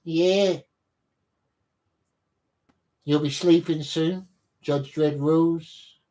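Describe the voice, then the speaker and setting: A man hosting a relaxed livestream, reading entries aloud from a reference book. He reads slowly and haltingly, stumbling over words and repeating them. He breaks off now and then to greet viewers in chat, and his pitch sits in the middle range.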